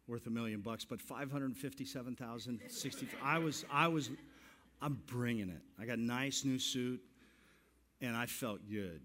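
Animated man in his sixties preaching. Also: mid-range voice. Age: 60s. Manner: animated, self-mocking storyteller who laughs through his lines. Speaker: pastor. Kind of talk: sermon with personal storytelling.

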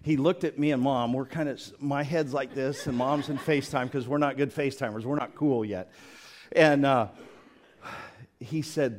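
A man's voice: medium pitch, normal speed. Chatty joking pastor preaching, man. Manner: chatty, joking, laughs often. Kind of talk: sermon.

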